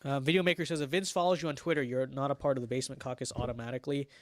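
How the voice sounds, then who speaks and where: A man's voice: medium pitch, fairly even intonation, very fast, no room sound, clean studio sound. A young man from Los Angeles hosting a casual livestream, reading chat messages aloud and answering them in a wry, sarcastic, mock-boastful way. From Los Angeles, United States.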